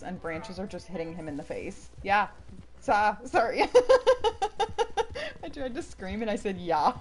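Lively, chatty woman streamer. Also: medium pitch. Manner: chatty, laughs often, jokey asides to chat. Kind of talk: casual gameplay commentary.

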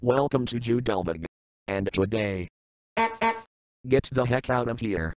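A male text-to-speech voice playing a brash show host who gives stiff, loud robotic introductions. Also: mid-range voice, measured pace, dry recording, studio quality, lightly acted.

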